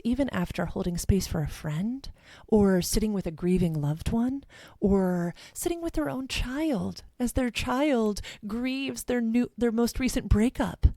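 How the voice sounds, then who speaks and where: A woman's voice: on the low side, mellow, no room sound, studio quality. A woman guest on a podcast interview, speaking in an earnest, flowing, heartfelt way. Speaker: guest, sexuality educator.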